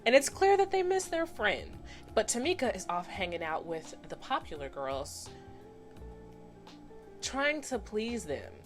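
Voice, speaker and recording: Animated woman in her twenties recapping a cartoon. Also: on the high side, measured pace, faint music behind. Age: 20s. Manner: animated, chatty, acts out characters in voices. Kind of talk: casual commentary recap.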